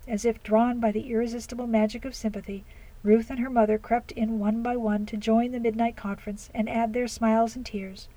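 Female audiobook narrator, fairly high voice, mellow and warm, measured storytelling. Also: low-quality recording. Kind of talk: audiobook narration of classic fiction.

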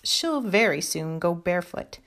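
A woman's voice: on the low side, animated, a little slow, vocal fry, a bit bright, heavily acted. Stout hedgehog washerwoman voiced by a woman, storybook, anxious, deferential, chatty. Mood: polite, fussy. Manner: bobbing, deferential, chatty about the washing. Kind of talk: storybook reading.

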